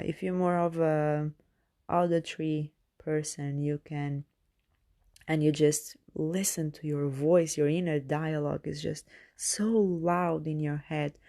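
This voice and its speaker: A woman podcast host who is not a native English speaker talks through self-help advice. Her voice sits low and warm, and she takes her time, pausing on fillers and restarting her sentences as she searches for words. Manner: hesitant, many fillers and restarts. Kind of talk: casual self-help monologue.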